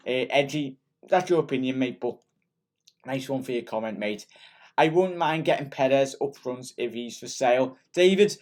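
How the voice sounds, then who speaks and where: Young Scouse man, excitable football fan host, rambly with lots of ums, mid-pitched voice. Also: normal speed. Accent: Liverpool (Scouse). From Liverpool. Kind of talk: casual post-match chat reading comments.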